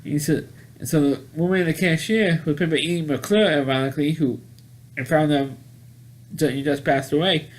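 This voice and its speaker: A man casually recapping a movie plot, rambling and halting with many restarts and repeated words. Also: fairly high pitch, fairly even intonation. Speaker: movie reviewer.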